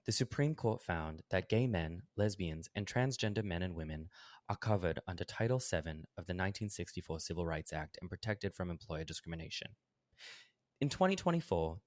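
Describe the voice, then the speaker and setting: A stuffy British essayist, put on by a man with a low voice. He reads in a slow, solemn, measured way, with a put-on British accent. The sound is dry and close to the mic. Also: darkish tone, no room sound. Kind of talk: mock impression reading an essay.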